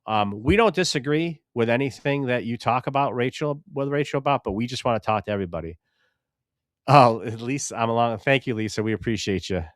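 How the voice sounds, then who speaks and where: A man's voice: medium pitch, no echo. Co-host, male, brash rambling talker, dry close mic. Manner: loud, animated, rambling and profane. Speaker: podcast co-host. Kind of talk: casual live-stream banter.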